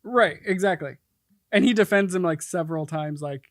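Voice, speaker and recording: High-voiced, laughing podcast co-host man. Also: moderate pace, no room sound, studio quality. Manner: laughs often, easygoing. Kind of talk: casual podcast chat.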